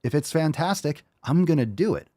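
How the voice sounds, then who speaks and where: A man's voice: expressive, fairly quick, mellow, dry recording, studio quality. Blunt, swearing male podcast host. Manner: blunt and profane, with sudden jumps in pitch. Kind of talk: ranting podcast monologue.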